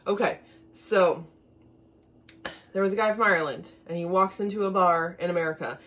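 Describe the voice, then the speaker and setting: A woman's voice: on the low side, normal speed, a bit bright. A woman chatting casually as she talks viewers through baking in her home kitchen, step by step. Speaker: home cook and channel host. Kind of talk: casual cooking demo.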